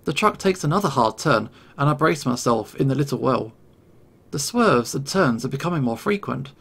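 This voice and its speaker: A man narrating a first-person story in a tense, measured way. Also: mid-range voice, animated, gravelly, fairly bright tone, breathy edge.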